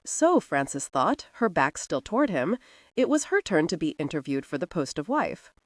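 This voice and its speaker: A woman narrating a historical romance audiobook in an expressive, dramatic reading. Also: sits low, normal speed, no echo, clean studio sound.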